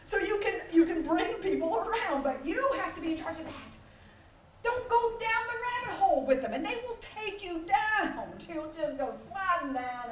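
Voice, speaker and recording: A middle-aged woman giving a motivational keynote talk, telling stories with animated voices and frequent laughter. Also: high-pitched, a little hiss or hum. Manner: animated storytelling, acting out voices and laughing often. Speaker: conference speaker. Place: large conference hall. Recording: echoey hall recorded from far off.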